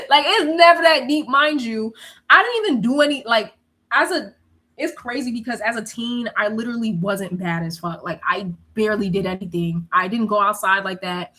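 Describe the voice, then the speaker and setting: A young woman telling stories in a casual, animated way, swearing freely and laughing often. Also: fairly high pitch, moderate pace. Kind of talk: casual storytelling chat.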